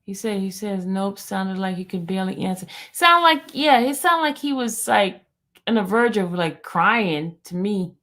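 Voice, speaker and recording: A woman chats through her reactions to trial footage, animated and talkative. Her voice sits at a middle pitch. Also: normal speed. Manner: chatty, animated, reacting aloud. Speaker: commentator on court trials. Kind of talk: casual reaction commentary.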